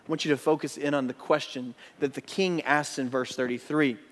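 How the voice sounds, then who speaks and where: A pastor preaching a sermon in earnest, building emphasis and then dropping to soft asides. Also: male voice, medium pitch, fairly even intonation, fairly quick. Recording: long hall reverb.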